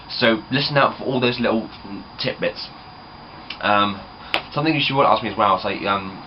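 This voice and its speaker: A man's voice: fairly low pitch, normal speed. A young man from England, chatting casually and rambling to camera. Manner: chatty, rambling, many fillers. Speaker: vlogger. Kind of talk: casual vlog chat. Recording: dull camera audio with background noise.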